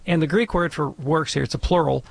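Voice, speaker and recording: A man's voice: on the high side, fairly even intonation, a little fast, gravelly. A man answering listeners' questions as a theology expert on a call-in radio show, speaking emphatically and repeating phrases for stress.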